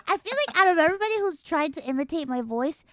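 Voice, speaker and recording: A woman hosting a stream in casual chat, reacting with excited squeals and shouts. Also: high voice, fast, noisy background. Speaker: streamer host.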